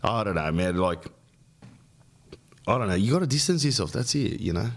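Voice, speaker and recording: A man with a notably low voice hosts a podcast, speaking into a microphone. He hands out advice in a loose, rambling way, full of slang and repeated "bro"s. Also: expressive, normal speed. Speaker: podcast host. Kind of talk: casual advice chat.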